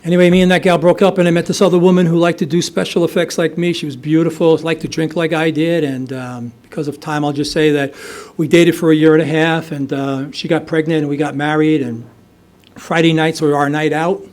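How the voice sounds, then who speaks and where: A man's voice: a little high, flat delivery, fairly quick, a little mellow. A middle-aged man from the United States telling his recovery story at a meeting, conversational, with many fillers and restarts. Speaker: AA speaker. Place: meeting hall.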